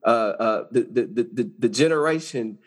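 A man's voice: medium pitch, normal speed. A man speaking as a podcast guest in a folksy conversational way, often repeating words as he looks for his phrasing. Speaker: guest, judge.

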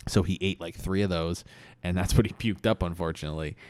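A man's voice: sits low, fairly even intonation, a little fast, a little mellow, dry recording, studio quality. A man co-hosting a podcast, telling an improvised comic story in a rambling way. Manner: rambling, many restarts and fillers. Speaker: podcast co-host.

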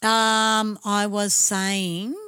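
A woman's voice: medium pitch, flat delivery, very slow, sharp tone, clear, resonant tone, dry recording, studio quality. A woman with an Australian accent co-hosting a podcast, chatting bluntly with plenty of swearing and easy laughs. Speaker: podcast co-host. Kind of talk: casual chat.

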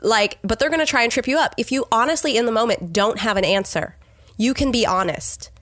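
A woman's voice: on the high side, brisk, fairly bright tone, no room sound. A woman co-hosting a Christian podcast, speaking earnestly and acting out conversations about sharing her faith. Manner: earnest, acts out sample conversations. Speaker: podcast co-host.

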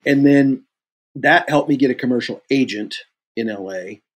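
A man from Kansas City, a guest actor in a casual interview, telling stories with lively acted-out dialogue. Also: moderate pace, husky. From Kansas City, USA. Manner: animated storyteller who acts out both sides of dialogues, jumping high in pitch.

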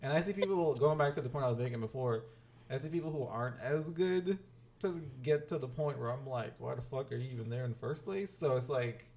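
A man's voice: medium pitch, a little fast, darkish tone. Rambling man hosting a podcast. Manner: rambling, many fillers and restarts. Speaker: podcast host. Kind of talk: casual podcast chat.

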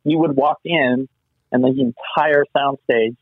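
A man telling animated stories as an interview guest, acting out the voices he quotes. His voice comes through slightly husky and very dry, with no room around it. It sounds squeezed into a narrow, phone-like band. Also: medium pitch, a little slow, no room sound. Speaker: actor guest. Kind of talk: casual interview anecdotes. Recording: muffled phone-line sound.

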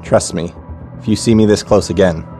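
A man's voice: low voice, warm tone, soft background music, lightly acted. A man voicing a boastful, menacing male assassin in a tabletop game, speaking in a put-on accent. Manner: slow, threatening drawl in a put-on accent.

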